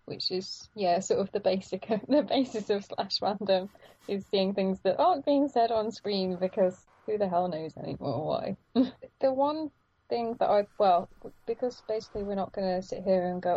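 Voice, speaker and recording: A woman chats casually with a mellow, slightly husky voice. She rambles through restarts and laughs as she talks. The recording is dry and a little dull. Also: mid-range voice, moderate pace, dry recording. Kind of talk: casual chat.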